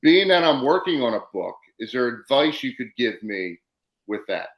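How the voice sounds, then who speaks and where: A male podcast host in casual conversation, telling his stories with animation and acting out the back-and-forth. His voice sits at an ordinary pitch. The room around him adds a noticeable echo. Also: moderate pace. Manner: animated storyteller, acts out quoted exchanges. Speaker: podcast host, former wrestler. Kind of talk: casual interview chat.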